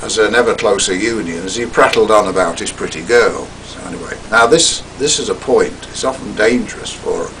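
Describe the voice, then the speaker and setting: An older man giving a talk, recounting a personal story in a theatrical, wry way that drops to hushed asides. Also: lowish voice, brisk, few pauses, far from the mic, a little hiss or hum, low-quality recording.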